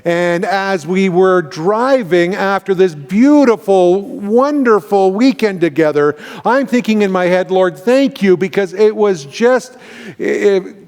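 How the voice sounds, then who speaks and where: A man's voice: high-pitched, darkish tone. A Canadian man, a pastor, telling an earnest, emotional personal story in a sermon, with many restarts. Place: large church sanctuary. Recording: long hall reverb.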